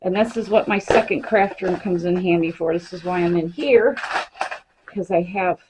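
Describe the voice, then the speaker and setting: A crafting vlogger chats casually through a demonstration in her home craft room, sometimes stopping mid-task to talk to her pets. Her voice is fairly low and moves at a normal speed, with background noise in the recording.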